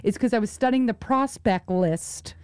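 A woman's voice: on the high side, normal speed, darkish tone, clear, resonant tone, dry recording, clean studio sound. A woman co-hosting a casual chat podcast, animatedly rattling off statistics and laughing easily. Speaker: podcast co-host.

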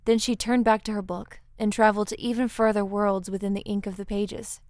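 Woman narrator, smooth and slightly high, dry close sound; calm storybook read. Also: fairly quick, no echo.

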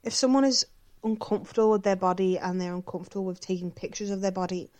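A woman's voice: mid-range voice, fast talker, a little mellow. A woman co-hosting a casual chat podcast, reading out listener questions and answering them frankly with plenty of swearing and filler words.

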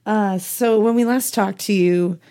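A woman co-hosting a casual true-crime podcast, hoarse, with vocal fry, chatty and given to swearing. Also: medium pitch, unhurried, mellow. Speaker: podcast co-host.

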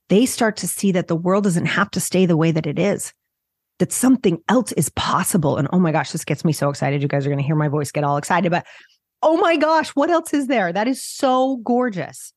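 A woman's voice: sits low, a little fast, a little mellow, breathy edge, no room sound, studio quality. A woman talking as a business coach on a podcast, enthusiastic and gushing, acting out little imagined dialogues. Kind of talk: podcast conversation.

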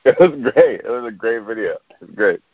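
A man's voice: lowish voice, very animated, fairly quick, narrow, tinny audio. A man co-hosting a casual chat, rambling and restarting, laughing easily.

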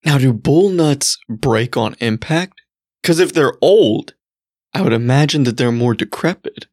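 A man co-hosting a casual podcast chat, telling rambling, profane stories and jumping to high, excited exclamations. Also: measured pace. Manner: profane, rambling storyteller with big excited pitch jumps.

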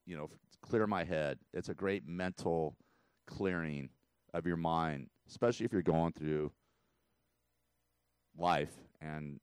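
A man's voice: rumbling low, a little mellow, clear, resonant tone, no room sound. A man hosting a talk radio show, rambling and emotional in a casual monologue, often laughing, from a studio mic.

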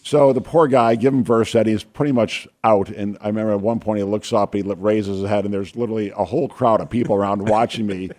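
A man co-hosting a talk show, chatting casually and telling a funny anecdote with deadpan humor. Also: lowish voice, fairly quick, few pauses. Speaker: podcast co-host, doctor. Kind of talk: casual chat, storytelling.

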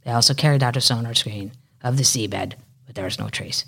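A woman's voice: extremely low pitch, a little fast, creaky, fairly bright tone, husky, pitched below the performer's own voice, exaggerated voice. A woman voicing an Irish tour-boat chairman in a put-on Irish accent, reading his words solemnly.

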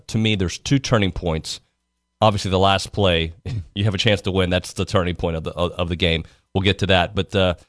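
A man with a fairly low voice hosts a sports radio show, talking quickly and loosely. He moves between banter and reading sponsor spots. The studio sound is dry and close. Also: dry recording. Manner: quick, chatty, reads ads live. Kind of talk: casual sports radio talk.

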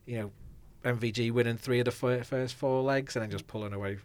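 A man's voice: medium pitch, steady tone, brisk, darkish tone. A man co-hosting a casual podcast, cheeky, blunt and joking. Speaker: podcast co-host.

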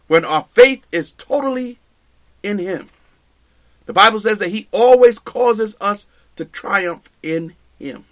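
Preacher, man, high bright voice, hammers points home by repeating them. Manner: emphatic, repeats phrases for stress. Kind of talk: sermon.

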